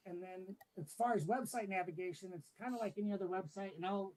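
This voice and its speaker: Husky man explaining a tree map. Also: high-pitched, fast talker, low-quality recording. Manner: relaxed, explanatory, with many fillers. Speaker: city staff presenting a tree map. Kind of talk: meeting presentation. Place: public meeting room with remote attendees.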